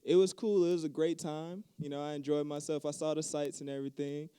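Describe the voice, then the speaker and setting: A man's voice: a little high, little pitch movement, a little fast, mellow, clean tone. A man with a New Mexican accent doing a stand-up set, cocky and laid-back as he tells his stories. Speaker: stand-up comedian. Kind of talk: stand-up comedy.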